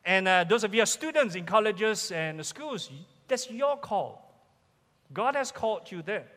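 A man's voice: high-pitched, animated, measured pace, pushed and bright, big-room sound. A man with a Malaysian English accent, a pastor preaching an emphatic sermon in church and repeating his key questions. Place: church sanctuary.

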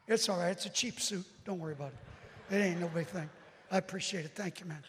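A man preaching a storytelling sermon to a hall with a balcony, animated, speaking straight to the crowd and breaking into shouts. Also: high-pitched, quick pace, a little hiss or hum. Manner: animated, bursts into shouts, addresses folks directly. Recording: long hall reverb.

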